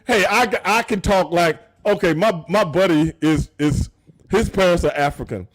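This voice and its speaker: A man hosting a casual wrestling talk show, loud and animated, laughing and swearing often. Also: sits high, normal speed. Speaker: show host.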